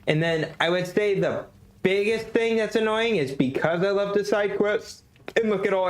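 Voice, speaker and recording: A man's voice: high-pitched, animated, moderate pace. Rambling man streaming a game. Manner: rambling, many restarts and likes. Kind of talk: casual gameplay commentary. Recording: echoey room.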